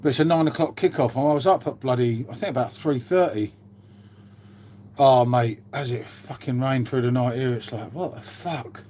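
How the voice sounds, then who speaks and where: A man's voice: mid-range voice, normal speed, dark tone, a little hiss or hum. A British man hosting a casual livestream, chatting and swearing freely while greeting and answering viewers. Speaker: livestream host. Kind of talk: casual live-stream chat.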